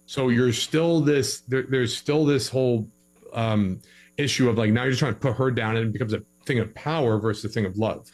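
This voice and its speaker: A man's voice: mid-range voice, a little fast, darkish tone, poor audio. A young man giving relationship advice in a casual podcast conversation, acting out both sides of a couple's arguments in his stories.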